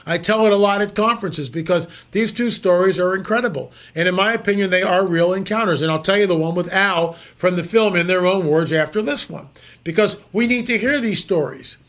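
A man's voice: high voice, a little fast, a bit bright. A man hosting a show, telling stories in an emphatic monologue full of repeated words and rhetorical questions. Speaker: show host. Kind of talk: storytelling monologue.

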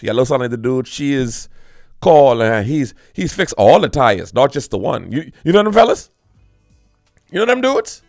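A man doing a comedic monologue in an animated, teasing, rambling way, addressing the audience directly. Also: mid-range voice, no echo, studio quality.

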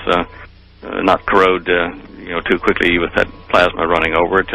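A man's voice: deep voice, gravelly, pushed and bright, a little hiss or hum, low-quality recording. An older man telling his story in an interview, rambling and hesitant with many fillers. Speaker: interview guest.

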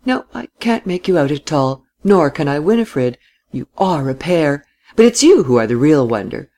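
Man voicing a young widow, teasing, high distinct tones, storybook. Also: big pitch swings, moderate pace. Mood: prying. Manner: bright, high, mocking tone.

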